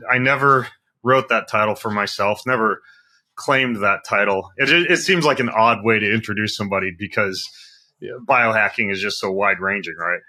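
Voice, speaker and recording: A man's voice: on the low side, fairly quick, bright, forceful tone. A middle-aged man hosting a podcast interview, casual and joking, rambling with fillers. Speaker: podcast host.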